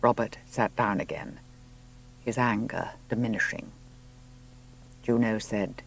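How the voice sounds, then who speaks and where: A man's voice: on the low side, fairly even intonation, slow pace, gravelly, long pauses, fairly bright tone. Man narrating an audiobook. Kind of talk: scripted narration.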